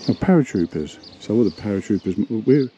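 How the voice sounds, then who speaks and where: A man's voice: fairly low pitch, lively intonation, brisk, warm tone, slight background noise. A man chatting casually to camera as a travel vlogger, rambling and self-deprecating. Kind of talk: casual vlog narration.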